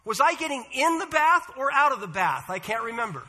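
A man's voice: extremely high pitch, very animated, brisk, sharp tone, breathy edge, voice pushed up, heavily acted. A man playing a confused elderly woman. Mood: puzzled.

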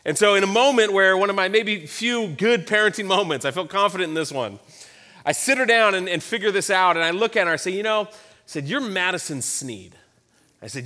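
A man's voice: sits high, sing-song, a little fast, pushed and bright. A man in his thirties preaching a sermon, telling a personal story in a conversational way with emphatic repetition. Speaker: pastor.

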